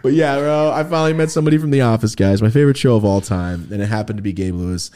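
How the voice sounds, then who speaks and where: A young man hosting a podcast, telling a story casually and acting out quotes with sudden shouts. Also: rapid-fire, clear, resonant tone. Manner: animated, acts out quotes with big pitch jumps and shouts. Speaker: podcast host.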